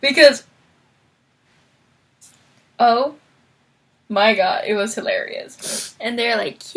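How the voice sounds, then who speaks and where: A young woman chatting excitedly about a book she loved. Her voice is bright and a touch high, and she jumps up in pitch whenever she acts out a character's line. She laughs easily and fills pauses with "um" and "like". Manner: frequent fillers and laughter. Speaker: book vlogger. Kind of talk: casual book review.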